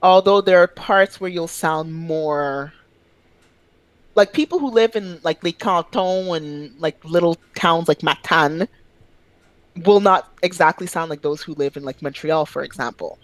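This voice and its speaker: Animated, salty-tongued woman from Quebec. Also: measured pace, no room sound, poor audio. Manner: animated storytelling with sudden high-pitched outbursts; swears freely. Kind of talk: casual chat.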